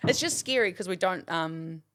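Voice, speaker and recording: A woman's voice: on the low side, expressive, normal speed, fairly bright tone, dry recording, studio quality. A woman co-hosting a casual podcast, speaking frankly and swearing now and then. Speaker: podcast co-host. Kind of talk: casual chat.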